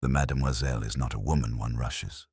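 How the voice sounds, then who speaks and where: A man voicing a paunchy older smuggler who talks slowly and sardonically. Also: very deep voice, fairly even intonation, darkish tone, slightly rough, dry recording, clean studio sound, pitched below the performer's own voice, full character voice. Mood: sardonic. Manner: slow, sardonic.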